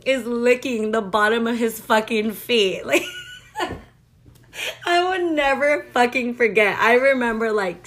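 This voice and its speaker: A woman's voice: mid-range voice, a bit bright. A young woman telling candid stories in a casual confessional way, talking frankly with lots of swearing and filler words. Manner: frank, profane, filler-heavy chatter. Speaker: podcast storyteller.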